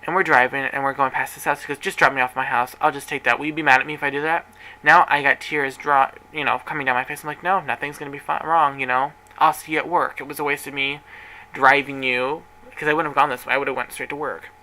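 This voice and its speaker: A man's voice: medium pitch, fairly even intonation, fast talker, bright, forceful tone, rough recording. A man who manages a workplace, telling a personal story vlog-style. He rambles, gets emotional and acts out what everyone said. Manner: rambling, emotional retelling with acted-out quotes.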